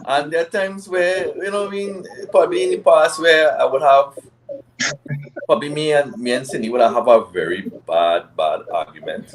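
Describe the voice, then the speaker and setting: A man talking on a casual men's panel, relaxed and rambling with many restarts. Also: a little high, moderate pace, a little hiss or hum, rough recording.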